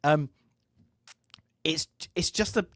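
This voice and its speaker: A man co-hosting a casual film review chat, speaking haltingly with frequent restarts. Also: fairly high pitch, fairly bright tone, no room sound, clean studio sound. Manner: halting, restarts often, laughs easily. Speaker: film review podcast co-host.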